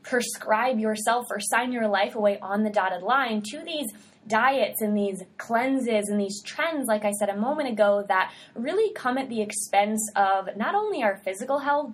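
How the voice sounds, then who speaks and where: A woman's voice: fairly high pitch, animated, moderate pace. A young adult woman, a dietitian, hosting her own podcast solo in an upbeat, chatty way with casual slang.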